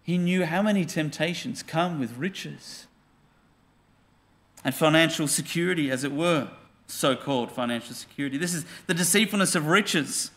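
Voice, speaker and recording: A man's voice: fairly high pitch, normal speed, a bit bright. A male pastor, preaching earnestly and putting questions to his congregation. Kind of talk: sermon.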